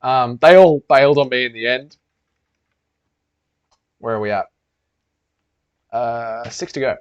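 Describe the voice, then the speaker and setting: A man's voice: mid-range voice, takes it slowly, smooth. A young man hosting a casual livestream Q&A, reading chat aloud and bantering crudely with heavy swearing. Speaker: livestream host. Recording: dull lo-fi stream audio.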